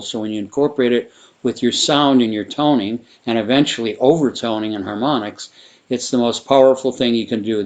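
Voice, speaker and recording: Male sound therapy teacher, mid-pitched, loose and rambling, guided exercise delivery. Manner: relaxed, rambling, with frequent fillers and restarts. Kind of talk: guided vocal exercise instruction.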